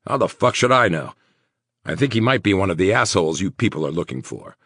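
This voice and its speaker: A man's voice: sits low, expressive, brisk, a bit bright, no room sound, clean studio sound, pitched above the performer's own voice, full character voice. A man voicing a protective, tough man in an audiobook, coaxing and urgent, swearing when angry. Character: protective tough man, tender to his girlfriend.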